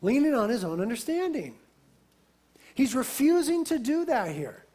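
A man with an unusually high voice delivers a sermon as a pastor. He preaches with lively emphasis and drops into an easy, conversational aside now and then. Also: normal speed.

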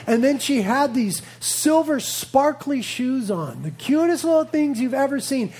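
A man's voice: extremely high pitch, expressive, measured pace, a little mellow, a little hiss or hum. A man in his thirties, a pastor preaching a sermon, telling a family story with playful asides and earnest conviction.

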